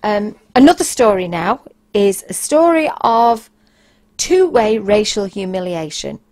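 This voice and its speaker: Woman podcast host, candid storyteller, mid-pitched, blunt delivery. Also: sing-song, unhurried, darkish tone. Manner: frank, blunt, with bursts of raised emphasis. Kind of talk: casual anecdotal storytelling.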